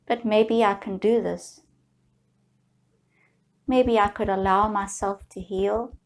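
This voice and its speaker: A woman guiding viewers through a slow, soothing tapping session, leading them in repeated affirmations. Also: medium pitch, fairly even intonation. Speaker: EFT tapping guide.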